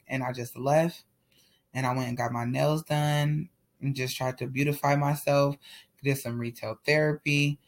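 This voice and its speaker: A man's voice: medium pitch, level tone, moderate pace. A man candidly telling a painful personal story in a loose, conversational way, full of "like" fillers.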